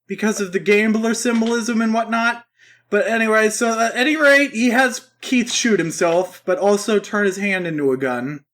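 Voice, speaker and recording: A man's voice: sits high, normal speed, a bit bright. A man co-hosting a podcast, casually recapping an anime in a rambling, self-interrupting way. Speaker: podcast co-host. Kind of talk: casual chat.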